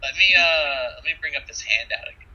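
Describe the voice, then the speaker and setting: A man running a tabletop game as game master, thinking aloud with frequent pauses. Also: mid-range voice, expressive, pushed and bright. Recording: muffled lo-fi mic.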